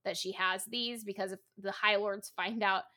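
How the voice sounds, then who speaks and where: A young adult woman co-hosting a podcast, chatting loosely with many fillers. Her voice is bright and forceful at a middle pitch. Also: fairly even intonation, moderate pace. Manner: chatty, full of fillers like "like" and "you know". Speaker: podcast co-host. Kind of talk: casual book discussion.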